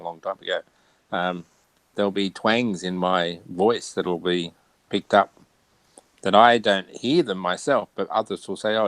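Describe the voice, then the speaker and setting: Gravelly Australian man, casual chat. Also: sits low, dry recording, rough recording. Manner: relaxed, chatty, laughs often.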